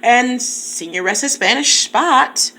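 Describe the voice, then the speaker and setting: A woman's voice: on the high side, lively intonation, takes it slowly, bright, forceful tone. Chatty woman vlogging to her subscribers. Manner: chatty, laughs often, talks to viewers by name. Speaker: teacher and YouTube vlogger. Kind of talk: casual vlog chat to subscribers.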